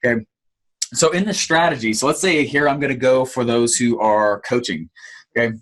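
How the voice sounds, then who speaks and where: A man giving an online marketing training, telling stories in an animated way with lots of fillers. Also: mid-range voice, normal speed. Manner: animated storytelling with many fillers.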